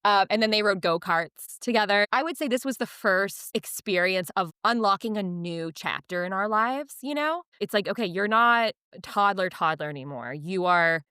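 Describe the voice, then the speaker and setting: Chatty mom in her 30s telling stories and doing little voices, smooth clear voice, dry close sound. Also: mid-range voice, normal speed, hardly any pauses, dry recording. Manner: animated storytelling, acts out quoted voices. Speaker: podcast co-host. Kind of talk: casual chat.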